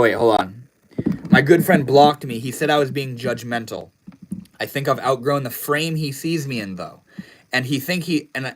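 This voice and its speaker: On a laid-back livestream, this young host reads viewers' chat aloud and answers with easygoing slang that drifts off into quiet mumbling. The recording quality is rough.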